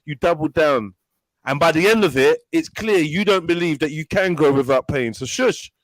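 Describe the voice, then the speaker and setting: A man's voice: on the high side, expressive, moderate pace, no echo, poor audio. A man hosting a live online panel, blunt and argumentative as he presses his point. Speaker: panel host.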